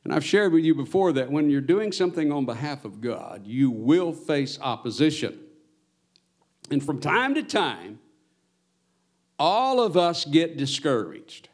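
Earnest preaching man, slightly high voice. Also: sing-song, moderate pace. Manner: earnest preaching, swells louder on exhortations. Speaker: pastor. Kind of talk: sermon.

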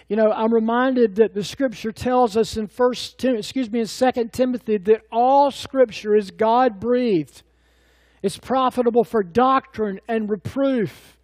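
A middle-aged pastor preaches with a high, mellow voice. He tells stories in a folksy, rambling way, full of fillers and restarts. The sound is close and dry. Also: dry recording. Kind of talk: sermon.

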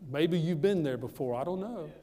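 A man from the United States, pitched a little high for a man, preaching a personal testimony with emphatic, repetitive storytelling. His voice rings out in a hall with a long, lingering reverb. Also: expressive, moderate pace, warm tone. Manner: emphatic, repeats phrases for effect. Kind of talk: storytelling sermon.

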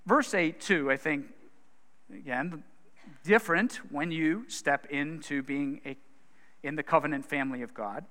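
A man preaching in a church in a bright, forceful voice that sits a bit high. He speaks earnestly and conversationally, asking rhetorical questions, and his voice rings out with long reverb in the hall. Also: a little slow. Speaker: pastor. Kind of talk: sermon.

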